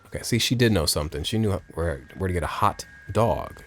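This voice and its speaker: A man's voice: deep voice, lively intonation, a little fast, few pauses, soft background music. A man giving crude, joking commentary while playing a video game. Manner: jokey, crude, rambling asides. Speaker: let's play streamer. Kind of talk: casual gameplay commentary.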